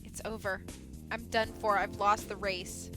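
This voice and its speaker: A woman's voice: medium pitch, level tone, a little slow, over music, pitched below the performer's own voice, close to an everyday voice. Defeatist male cat senator in a game, moping and self-pitying, read by a woman. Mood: despairing.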